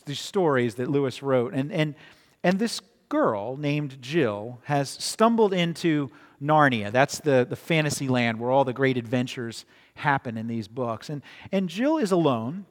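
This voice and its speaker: A man preaching a sermon in a conversational way, often repeating words and checking in with "right?", in a long-reverb hall. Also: medium pitch. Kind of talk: sermon with storytelling.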